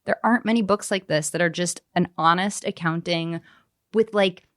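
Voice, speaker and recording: A woman in her thirties, an author appearing on a podcast, speaks candidly and animatedly in a lowish voice at normal speed. She acts out quoted voices and uses frequent fillers, and the studio sound is clean with no echo.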